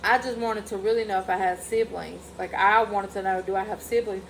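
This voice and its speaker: A woman's voice: medium pitch, steady tone, brisk, vocal fry, slight background noise, rough recording. A young woman, candidly telling a personal family story to her followers in a casual vlog, speaking in loose run-on sentences full of "like". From Mississippi. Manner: heartfelt and candid, peppered with "like". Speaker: vlogger.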